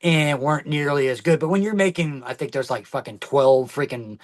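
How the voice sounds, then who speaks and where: A man's voice: a little high, moderate pace. A man co-hosting a podcast, talking in casual chat that rambles with many fillers and restarts. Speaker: podcast co-host.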